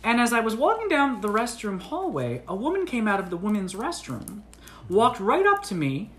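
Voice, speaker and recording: A man co-hosting a comedy podcast, telling a story in an animated way and acting out the quoted lines with big jumps in pitch. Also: moderate pace. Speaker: podcast co-host.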